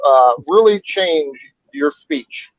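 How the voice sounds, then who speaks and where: A man's voice: fairly high pitch, expressive, slow pace, creaky, no echo. Man, co-host, crude swearing storyteller, bone-dry and muffled call audio. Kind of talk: casual chat.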